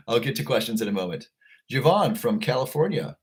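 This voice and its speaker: An upbeat man hosts a casual livestream, greeting viewers one by one from the chat. His voice sits at an ordinary middle pitch for a man. He talks to the camera from a home setup. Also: big pitch swings, normal speed. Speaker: livestream host.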